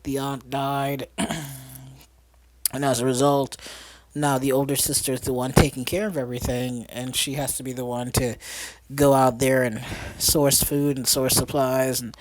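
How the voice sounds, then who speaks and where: A podcast host retells a film casually, wandering through the plot with lots of fillers and self-corrections. The voice sits mid-range with a plain, even tone, recorded dry and close with no room sound. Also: mid-range voice, moderate pace, no echo. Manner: rambling, lots of fillers and restarts, laughs while talking. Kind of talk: casual movie recap.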